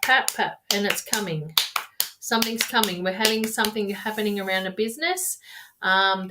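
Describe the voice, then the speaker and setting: A woman's voice: medium pitch, very noisy. A woman giving live-streamed tarot readings in a rambling, repetitive, affectionate way, calling viewers darling and my loves. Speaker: tarot reader.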